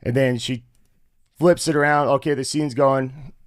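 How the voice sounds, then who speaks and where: A man's voice: medium pitch, moderate pace, no echo. Give me a man telling stories in a casual podcast interview, dry close mic. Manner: animated, acts out quotes with laughs. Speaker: guest, former fighter turned actor.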